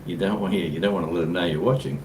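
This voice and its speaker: A man with a very low voice trades dry, relaxed quips as co-host of a live chat. He sounds set back from the microphone, in a roomy, echoing space. A steady hiss sits under his voice. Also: quick pace. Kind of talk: casual livestream chat. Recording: distant, echoey, noisy call audio.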